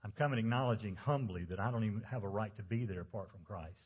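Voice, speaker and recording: A man's voice: on the low side, fast, slightly rough, phone-quality sound. A man preaching a sermon as pastor, talking conversationally and asking the congregation rhetorical questions.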